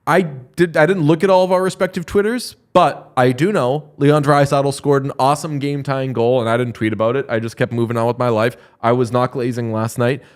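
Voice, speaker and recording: A man co-hosting a hockey podcast, telling stories in a joking, animated way. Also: mid-range voice, fairly quick, few pauses. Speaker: podcast co-host. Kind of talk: casual hockey chat.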